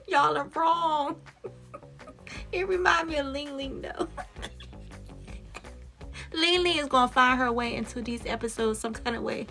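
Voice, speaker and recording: A woman's voice: high voice, wildly swooping pitch, slow pace, vocal fry, long pauses, pushed and bright, faint music behind. A woman casually recapping a series episode, laughing often and acting out the characters' lines in quotes.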